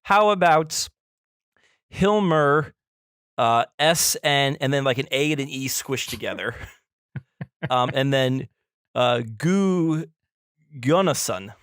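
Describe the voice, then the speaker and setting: A man's voice: medium pitch, animated, slow, pauses often, a bit bright, clean tone, no echo, studio quality. Chatty man co-hosting a film podcast. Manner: chatty, laughs often, stumbles over names. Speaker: podcast co-host. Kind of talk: casual film discussion.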